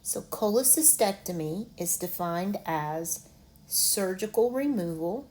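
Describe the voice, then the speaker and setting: A woman teaching an online lesson, slowly sounding out medical words syllable by syllable. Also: mid-range voice, lively intonation, a little mellow. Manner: slow, deliberate, sounds out syllables.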